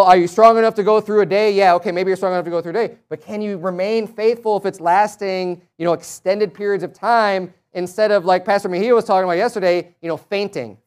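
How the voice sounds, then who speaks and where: A man preaching a sermon, reading scripture aloud and rising to emphatic, raised passages. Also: sits high.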